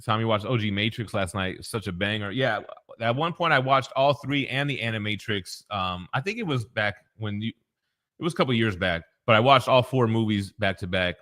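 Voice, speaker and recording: A man's voice: on the low side, a little fast, a bit bright. A man hosting a casual talk show, easygoing and teasing, laughing often and reading out viewer comments. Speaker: host.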